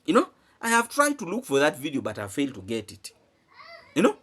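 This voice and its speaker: Male vlogger, emphatic and repetitive, voice swinging up and down in pitch. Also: wildly swooping pitch, normal speed, a bit bright. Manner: emphatic, repeats phrases, asks rhetorical questions. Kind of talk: animated commentary to camera.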